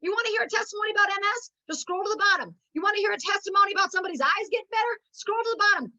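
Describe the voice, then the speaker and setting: A woman's voice: very high-pitched, racing, few pauses, sharp tone, muffled recording. A middle-aged woman giving an emotional, preachy motivational talk at a network marketing meeting. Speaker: network marketing team leader.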